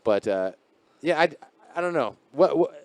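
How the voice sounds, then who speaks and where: A man's voice: a little high, lively intonation, unhurried, dry recording. Rambling, profane podcast co-host man. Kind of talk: casual podcast chat. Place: garage.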